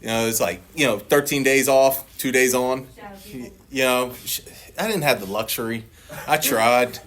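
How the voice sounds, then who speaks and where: A man with a mid-range voice, speaking at a moderate pace, shares a profane and funny recovery testimony with a meeting. Laughter comes often, and his delivery turns lively whenever he quotes what he used to say.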